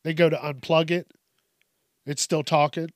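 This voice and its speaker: A man's voice: a little high, level tone, a little slow, dry recording, studio quality. A man hosting casual comedic news commentary, swearing often, laughing and riffing on stories.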